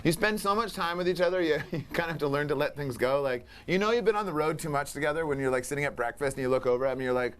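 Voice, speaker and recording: Canadian man, fast talker, giggly, lots of fillers, interview guest. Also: on the high side, a bit bright, clear, resonant tone. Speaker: band member guest. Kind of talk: casual interview chat.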